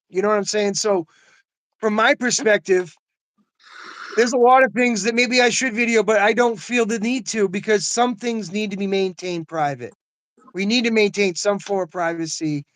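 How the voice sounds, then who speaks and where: High-voiced older man, earnest and chatty. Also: a bit bright, no room sound. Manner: earnest, storytelling with many "you know what I mean" asides; laughs often. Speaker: host. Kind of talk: casual conversation.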